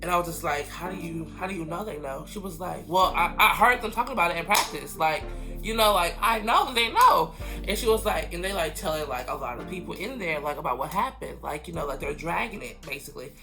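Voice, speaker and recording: A man's voice: on the high side, lively intonation, brisk, creaky, bright, forceful tone, soft background music. A young man in his late teens telling a school story in casual storytime chat, full of "like" fillers and acted-out quotes. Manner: chatty, many "like" fillers, acts out quoted friends. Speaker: vlogger.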